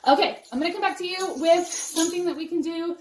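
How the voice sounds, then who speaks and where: A woman's voice: very high voice, quick pace, a little hiss or hum. A woman teacher showing a movement game on video, cheerful and chanting rhythmic cues for toddlers. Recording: echoey room, voice from far off.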